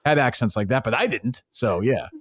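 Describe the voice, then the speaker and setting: A man's voice: mid-range voice, normal speed, no room sound, clean studio sound. A man from Massachusetts with a Boston accent, hosting a podcast in casual, rambling chat full of fillers and swearing. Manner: rambling, profane, many fillers. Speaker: podcast host.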